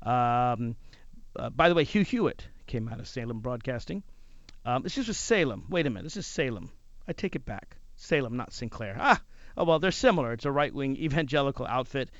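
Radio guy telling a story, swings his pitch all over, smooth voice, dry dull sound. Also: a little fast, no echo. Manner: animated, acts out other people's lines. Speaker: talk radio host. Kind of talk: telling a personal story in a monologue.

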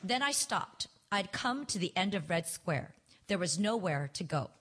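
A woman reads aloud from her own memoir in a live reading. Her husky voice is very lively in pitch, and her delivery is wry and expressive. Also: a little slow.

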